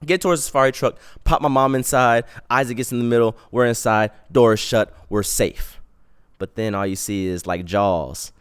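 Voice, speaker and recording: Smooth-voiced young man telling a story. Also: medium pitch, normal speed. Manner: animated, slangy storyteller acting out quotes. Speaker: podcast host. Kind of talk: casual storytelling.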